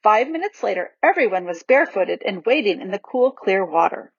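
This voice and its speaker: Woman reading a kids' book out loud, lots of ups and downs, husky, dull lo-fi sound. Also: mid-range voice, lively intonation, brisk, dry recording. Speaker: audiobook reader. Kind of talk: storybook narration. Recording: dull lo-fi recording.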